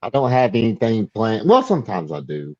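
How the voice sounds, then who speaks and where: Excitable man calling in on a dull line. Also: lowish voice, a little fast, dry recording. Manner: excitable, swears, blurts out. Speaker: caller. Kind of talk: phone call to a talk show. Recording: dull phone-in audio.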